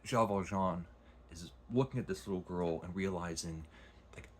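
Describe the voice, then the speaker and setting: A man's voice: low-pitched, normal speed, a little hiss or hum. A man casually retelling and reviewing a long novel, rambling with frequent restarts. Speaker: book reviewer. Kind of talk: casual book review vlog.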